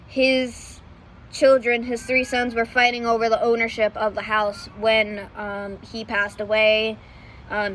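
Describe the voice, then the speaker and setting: Hesitant higher-voiced woman vlogger. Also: fairly bright tone, slight background noise, low-quality recording. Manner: hesitant, many fillers and self-corrections; laughs at herself. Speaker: history vlogger. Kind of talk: casual unscripted storytelling.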